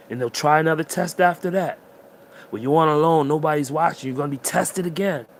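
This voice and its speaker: A man's voice: on the high side, moderate pace. A man giving an emotional, preachy motivational monologue straight to the listener. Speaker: motivational speaker.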